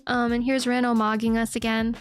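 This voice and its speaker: Woman streamer, high voice, animated giggly chat, light background music. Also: fairly quick, clear, resonant tone. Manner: giggly, animated, swears casually. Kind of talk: casual stream chat recapping a manga.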